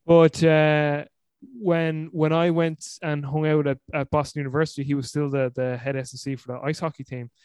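Animated Irish man, podcast host. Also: on the high side, normal speed, clean tone, dry recording. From Ireland. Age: 30s. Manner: animated, laughing, acts out quotes. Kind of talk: casual interview chat.

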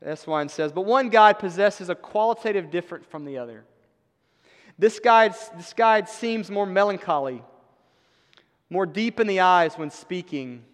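A man's voice: high voice, expressive, a little slow. A man preaching a sermon in a conversational, emphatic way, with wry asides. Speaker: pastor. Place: church sanctuary. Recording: long hall reverb.

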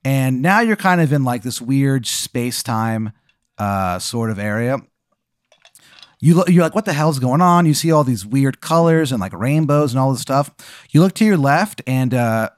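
A man's voice: medium pitch, lively intonation, moderate pace, no room sound, clean studio sound. Rambling male storyteller running a game. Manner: rambling, lots of fillers. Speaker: game master. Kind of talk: improvised storytelling.

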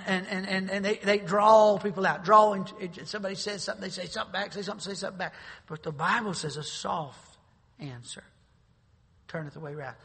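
A man's voice: high voice, gravelly, sharp tone, breathy edge. A male pastor preaching an emphatic sermon to his congregation, joking with them and repeating words as he restarts his sentences. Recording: long hall reverb.

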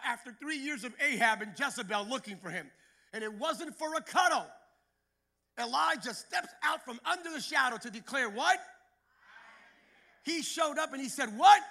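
Man, pastor, sermon, very bright, gravelly voice, shouted rhythmic repetition. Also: very high voice.

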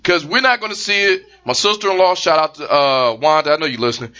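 A man's voice: fairly high pitch, fast. A man co-hosting a casual comedic chat, telling stories with jokes and playful asides. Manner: animated, joking storyteller, playful voices. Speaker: podcast co-host. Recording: dull lo-fi sound.

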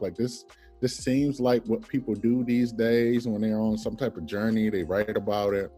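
A man in his thirties, a podcast guest telling an animated personal story and acting out the people in it. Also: medium pitch, moderate pace, faint music behind. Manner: animated storyteller, acts out quoted voices, laughs often.

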